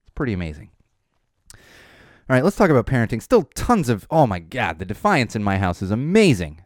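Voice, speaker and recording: A man in his thirties hosting a podcast, rambling casually and laughing as he talks, sometimes mimicking a child in a high voice. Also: sing-song, fairly quick, dry recording, studio quality. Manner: rambling, self-interrupting, laughing. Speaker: podcast host. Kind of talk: casual chat.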